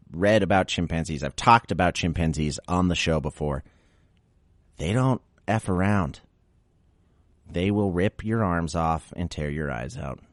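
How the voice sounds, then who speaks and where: A man's voice: low voice, no echo. A male podcast host reading out a list of facts and breaking off into wry, sarcastic asides.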